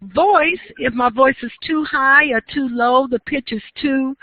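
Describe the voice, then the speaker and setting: A woman teaching a university class online, explaining at a measured pace and putting questions to her students. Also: high voice, slight background noise. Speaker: university lecturer. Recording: dry, phone-like narrow sound.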